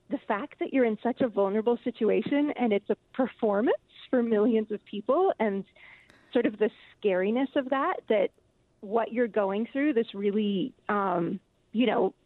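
A woman author talking about her book in a radio interview, thoughtful and halting, with many fillers. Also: a little high, dry recording. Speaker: author guest. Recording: tinny phone line.

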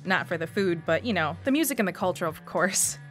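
A woman's voice: on the low side, lively intonation, brisk, faint music behind. A woman in her thirties from Wisconsin, with a Northeast Wisconsin accent, reading her own personal story for radio in an upbeat way. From Wisconsin, USA. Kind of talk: scripted personal narration.

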